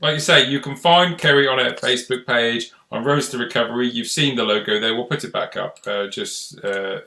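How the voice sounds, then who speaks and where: A man's voice: mid-range voice, fairly even intonation, brisk, vocal fry, sharp tone, reverberant. A man hosting a casual live-stream chat, chatty and rambling in an encouraging way. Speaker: host.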